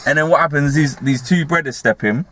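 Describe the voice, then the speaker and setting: A young man with a London accent telling a story in casual, slangy chat, animated and laughing often. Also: fairly high pitch, brisk, a little hiss or hum. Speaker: podcast host.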